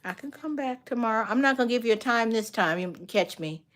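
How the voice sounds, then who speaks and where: An older woman with a slightly high voice talks fast as she chats casually on a livestream. A grandmother and art instructor, she names viewers directly and retells stories with lively energy.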